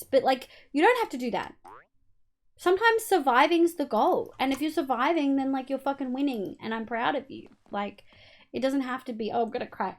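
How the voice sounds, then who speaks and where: Young woman, Australian accent, slightly high voice, casual stream chat, swears a lot, hums sound effects. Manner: swears freely, hums and makes sound effects while building. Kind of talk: casual livestream chat while gaming.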